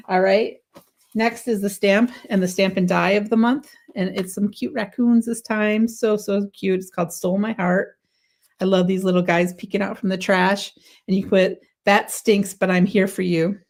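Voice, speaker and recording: A woman's voice: mid-range voice, steady tone, moderate pace, darkish tone. Chatty woman hosting a craft stream. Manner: chatty, enthusiastic, stumbles and self-corrects. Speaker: craft livestream host. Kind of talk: casual product demo.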